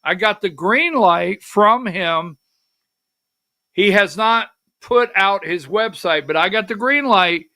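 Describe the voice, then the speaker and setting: High-voiced, slow-talking male show host. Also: pushed and bright. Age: middle-aged. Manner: emotional, rambling, directing the producer to slides. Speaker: political talk show host. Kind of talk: livestream political commentary.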